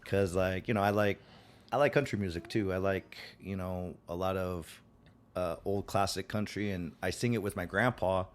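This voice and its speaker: A man's voice: sits low, steady tone, normal speed. A man speaking as a podcast guest in casual conversation, with a Western twang and lots of filler words. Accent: American, Western twang. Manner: rambling, many fillers, acts out quotes.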